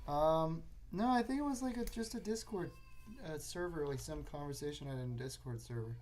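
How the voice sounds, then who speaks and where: A man's voice: on the high side, fairly quick, a little mellow. A young man in casual chat, laid-back and a little hesitant as he builds a set. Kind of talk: casual chat between friends.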